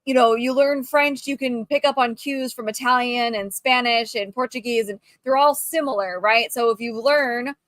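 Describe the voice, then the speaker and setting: A woman co-host with a somewhat high voice in a relaxed podcast conversation. She works through her ideas aloud, explaining at length and laughing easily. The recording is dry and close. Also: moderate pace, few pauses, dry recording. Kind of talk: casual podcast chat.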